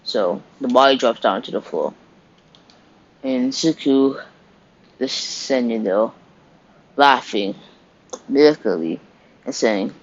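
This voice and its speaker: Guy rambling thru a made-up story, mid pitch, dull lo-fi audio. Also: slow, pauses often. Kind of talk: improvised fan story narration. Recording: dull lo-fi recording.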